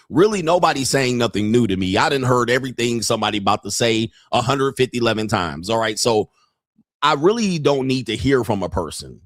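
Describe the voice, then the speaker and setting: A man's voice: mid-range voice, dry recording, studio quality. A middle-aged man hosting a commentary show, reacting bluntly and crudely to viral clips with frequent laughter. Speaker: host.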